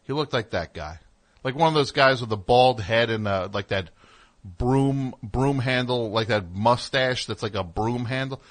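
A man's voice: medium pitch, unhurried. A man hosting a radio show, telling a story in a casual, rambling way with wry asides in the studio.

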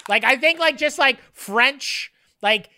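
Woman co-host, high, bright voice, rambling, filler-heavy, crude humor, casual podcast chat. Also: lively intonation, slow pace, slight background noise. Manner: playful, crude joking.

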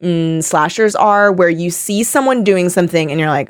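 A woman hosting a casual podcast chat, animated and laughing as she acts out quotes. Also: lowish voice, moderate pace, clean tone, dry recording, clean studio sound. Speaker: podcast host.

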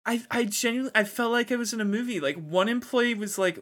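A man in casual chat, self-deprecating and quick with funny anecdotes and quoted voices. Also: high-pitched, a bit bright.

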